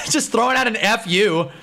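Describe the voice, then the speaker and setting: A young man telling stories in a casual livestream chat, laughing as he goes, with loud bursts and mumbled asides. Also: high voice, unhurried, gravelly. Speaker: livestream host. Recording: faint background music.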